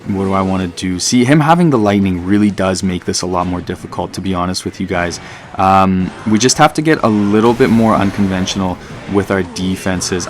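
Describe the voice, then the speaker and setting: A man giving casual, excitable live commentary over his own gameplay as a gaming channel host. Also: lowish voice. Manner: casual, chatty, excitable, fillers and "dude".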